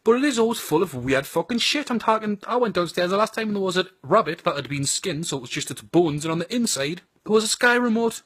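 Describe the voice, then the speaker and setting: A man's voice: high voice, expressive, quick pace, hardly any pauses, fairly bright tone, breathy edge, dry recording, studio quality. A man with a Geordie accent giving a crude, blunt and sardonic comic monologue about his home city. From North East England.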